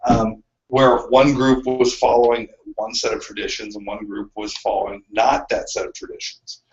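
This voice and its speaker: A man co-hosting a casual discussion podcast, talking in a rambling, animated way with frequent ums. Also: on the low side, normal speed. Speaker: podcast co-host. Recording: dull lo-fi sound.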